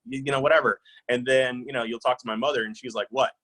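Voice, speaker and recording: A man's voice: medium pitch, steady tone, fast talker, sharp tone, low-quality recording. A man in his thirties or forties, answering interview questions in a reflective, anecdotal way with many fillers and restarts. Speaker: author being interviewed.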